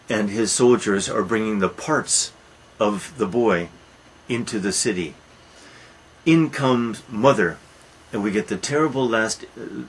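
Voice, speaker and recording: Lower-pitched man lecturing dramatically. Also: fairly bright tone, a little hiss or hum, low-quality recording. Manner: dramatic storyteller, repeats words for emphasis. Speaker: literature lecturer. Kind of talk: lecture retelling a Greek tragedy.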